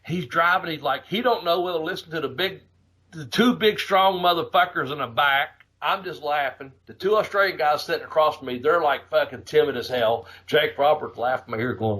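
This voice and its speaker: A man hosting a podcast, telling a road story in a casual, profane, animated way, laughing as he goes. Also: on the high side, normal speed, slightly rough. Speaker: podcast host.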